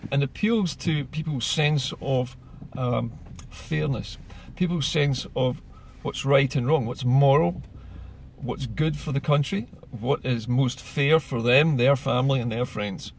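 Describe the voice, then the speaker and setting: Gravelly man making his case. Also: medium pitch, unhurried, slight background noise. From Scotland. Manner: earnest, persuasive, rhetorical questions. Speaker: political commentator. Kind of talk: political vlog monologue.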